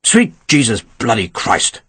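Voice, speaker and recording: A man's voice: on the high side, very animated, brisk, a bit bright, husky, no room sound, pitched above the performer's own voice, exaggerated voice. A man voicing an irascible, profane older Welsh general who blusters and scorns. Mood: furious.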